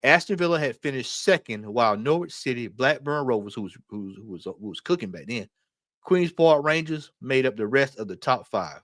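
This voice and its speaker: A man hosting a casual late-night fan livestream, reading aloud and talking to his chat in an animated way. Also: medium pitch, a little fast, no echo, clean studio sound. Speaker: fan channel host.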